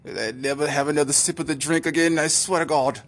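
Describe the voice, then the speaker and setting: A man's voice: steady tone, fairly quick, a bit bright. Man putting on a moaning Irish sick guy. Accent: put-on Irish. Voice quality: high, strained and moaning.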